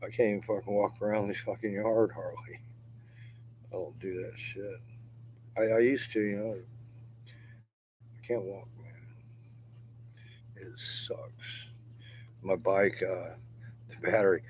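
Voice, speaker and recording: A middle-aged man with a deep, low voice rambles on in a long profane monologue, chuckling between phrases. He often sinks into mutters and near-whispers. A faint hum sits under the outdoor recording. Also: fairly even intonation, moderate pace, pauses often, darkish tone, poor audio. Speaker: vlogger. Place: outdoors in a yard.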